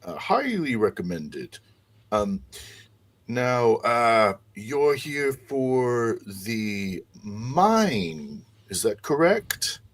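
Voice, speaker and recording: A man voicing a jovial, pompous, large male mayor, with a raised voice and halting delivery. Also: mid-range voice, big pitch swings, pitched above the performer's own voice, exaggerated voice. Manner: jovial, hesitant, theatrical.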